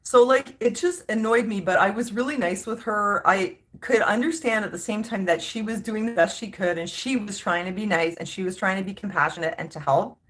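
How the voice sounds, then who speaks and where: Woman vlogger, mid-pitched, exasperated casual rant with emphatic stress. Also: a little fast, few pauses, fairly bright tone. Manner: exasperated, emphatic, many restarts.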